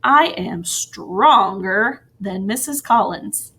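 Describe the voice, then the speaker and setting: Lady teacher talking real slow and sing-songy to little kids, soft little asides. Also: medium pitch, animated. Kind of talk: recorded grammar lesson for young children.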